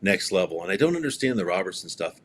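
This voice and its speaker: A man's voice: low voice, big pitch swings, fast, a little hiss or hum. A man as a guest hockey writer, giving rambling opinions with many restarts. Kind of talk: casual interview chat.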